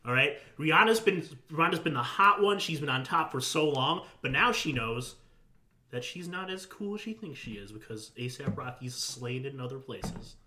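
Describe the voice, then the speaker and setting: A man's voice: mid-range voice, moderate pace, bright, forceful tone, a little hiss or hum. A man co-hosting a podcast, rambling and making crude jokes in casual banter. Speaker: podcast co-host.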